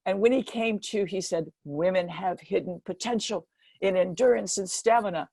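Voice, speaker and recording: An older American woman giving a speech, telling a personal story in a lively way and acting out the quoted voices. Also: normal speed, vocal fry, no echo. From United States. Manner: lively storyteller, acts out quotes with animated jumps in pitch. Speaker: keynote speaker.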